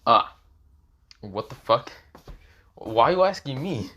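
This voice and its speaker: A man's voice: mid-range voice, sing-song, slow, fairly bright tone, lo-fi sound, heavily acted. A man voicing Issei, a brash, foul-mouthed young male student who sounds annoyed and blunt. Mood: exasperated. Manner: swears constantly, blunt and annoyed.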